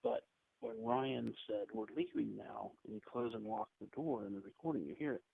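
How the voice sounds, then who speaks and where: A husky, gravelly man recounts stories in a loose, chatty way. His voice comes through thin and phone-like, with a dry, close sound. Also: mid-range voice, dry recording. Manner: chatty, rambling anecdotes with quick asides. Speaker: podcast guest, paranormal investigator. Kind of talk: casual storytelling interview. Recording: tinny phone-like line.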